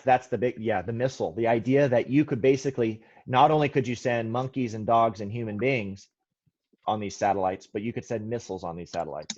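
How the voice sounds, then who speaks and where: A man's voice: lowish voice, darkish tone, lo-fi sound. A man teaching a history class, lecturing loosely with many restarts and firing questions at his students. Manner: rambling, self-correcting, quizzes students.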